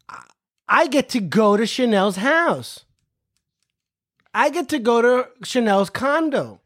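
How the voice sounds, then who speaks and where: A man's voice: extremely high pitch, a bit bright. A man hosting a podcast, telling a casual, profane story and repeating phrases for emphasis. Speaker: podcast host.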